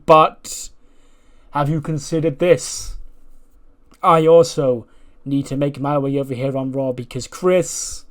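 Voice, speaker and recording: A brash young male wrestler, as a man acts him out taunts a much bigger opponent. He pitches his voice up and stretches out his words, cocky and provoking. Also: natural voice. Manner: raised, drawn-out, taunting.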